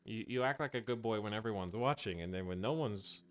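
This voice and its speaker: A man's voice: lowish voice, a little fast, slight background noise. A man streaming casually, teasing and talking to his dog in a playful way.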